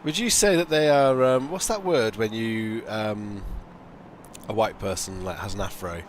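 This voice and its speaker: A man's voice: on the low side, a little slow, slight background noise. A man hosting a live sim racing stream, talking in loose, joking banter that trails off mid-sentence and often breaks into laughter. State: just woken up. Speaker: stream host and sim racer.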